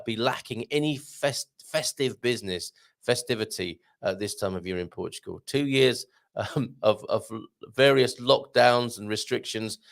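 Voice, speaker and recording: A man's voice: mid-range voice, gravelly. A man hosting a live online show, chatting and reading out viewer comments. He is jokey, laughs often and trips over his words.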